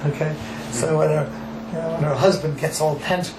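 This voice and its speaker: Man, rabbi, Torah class, animated, acts out dialogue, echoey room, faint background noise. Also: a little high, moderate pace. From Cleveland, Ohio. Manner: animated, acts out dialogue, asks the audience questions. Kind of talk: Torah class to a live group. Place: echoey room with a small audience.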